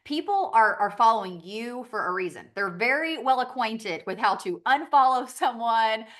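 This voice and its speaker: Woman, Southern US accent, slightly high voice, chatty trainer, frequent laughs. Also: lively intonation, normal speed, fairly bright tone. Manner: chatty, laughs often, acts out little quoted exchanges. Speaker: business trainer on a team call. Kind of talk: conversational training talk.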